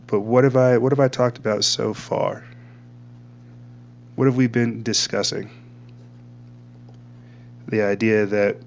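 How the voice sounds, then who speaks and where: A rambling male host with a somewhat low voice talks casually and often trips over his own words. A faint electrical hum sits under the recording. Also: vocal fry, highs cut off. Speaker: podcast host. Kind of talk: casual commentary reading from screen.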